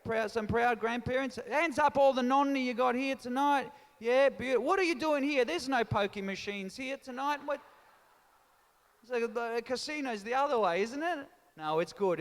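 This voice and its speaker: A man's voice: extremely high pitch, a bit bright. A man doing live stand-up comedy and teasing the crowd, mixing in Italian phrases. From Australia. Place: large town hall stage. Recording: long reverb of a hall.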